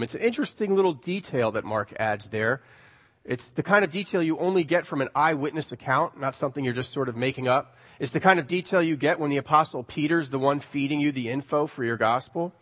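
Male preacher, animated and conversational, rhetorical questions, voice ringing in a large church hall. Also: a little high. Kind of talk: sermon.

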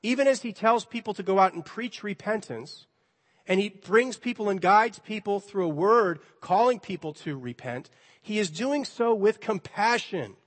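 Preaching in a sanctuary whose long reverb trails his words, a pastor with a high voice keeps his sermon conversational and lightly playful. He speaks at normal speed and sounds animated, slipping into the dialogue of the people in his story.

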